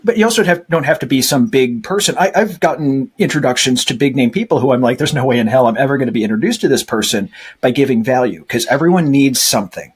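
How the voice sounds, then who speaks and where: Fast-talking husky male podcast host. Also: mid-range voice. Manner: reflective, speaks of gratitude and service. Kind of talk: casual conversation.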